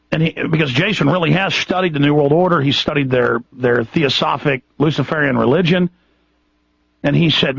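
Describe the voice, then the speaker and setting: Gravelly, indignant radio host. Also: male voice, on the high side, moderate pace, fairly bright tone, no room sound. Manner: impassioned, indignant ranting with many restarts. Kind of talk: monologue on a radio show. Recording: dull lo-fi radio broadcast, dry.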